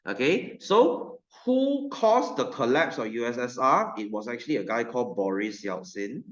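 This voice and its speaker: A man's voice: medium pitch, sing-song, normal speed, reverberant, lo-fi sound. A man with a Malaysian English accent, teaching a science class in a loose, joking way and putting on mocking voices. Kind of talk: classroom lecture.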